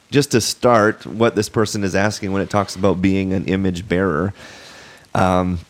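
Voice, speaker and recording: A man hosts a casual podcast about faith. His voice sits on the low side, and his delivery is easygoing, with frequent laughs between thoughts. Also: unhurried. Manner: relaxed, laughs easily, reads scripture aloud. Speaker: podcast host.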